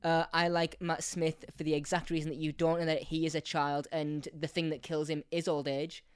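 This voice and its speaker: A man's voice: fairly high pitch, level tone, moderate pace, smooth, dry recording, clean studio sound. A man co-hosting a casual podcast, talking animatedly, laughing often, repeating words and swearing. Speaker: podcast co-host. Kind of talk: casual chat.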